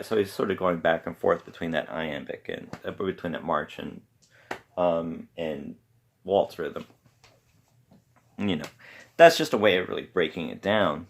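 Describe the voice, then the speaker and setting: Male podcast host, very low and gravelly, rambles through a casual talk at home. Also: a little hiss or hum. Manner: rambling, halting with many pauses. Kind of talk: casual solo talk on poetry. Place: home room with pets around.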